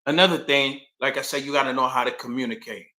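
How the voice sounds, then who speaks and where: Bright-voiced man rambling on a livestream. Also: medium pitch, fairly even intonation, fast talker, echoey room, low-quality recording. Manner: loose, rambling, talks straight to viewers. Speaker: livestream host. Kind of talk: casual livestream talk.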